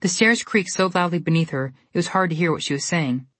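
A woman narrating a storybook in a steady, even reading manner. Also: on the low side, brisk, no echo.

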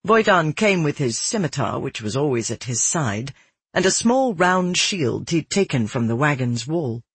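Man narrator, audiobook, husky, slightly high voice, dry close sound. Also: normal speed, dry recording. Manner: steady, descriptive storytelling. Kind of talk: scripted first-person narration.

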